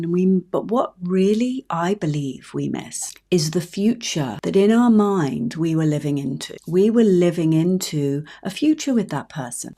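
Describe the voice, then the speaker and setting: A woman in her fifties, a relationship coach hosting her own podcast, speaking in a gentle, heartfelt, personal way. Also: lowish voice. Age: 50s. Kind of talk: reflective solo podcast talk.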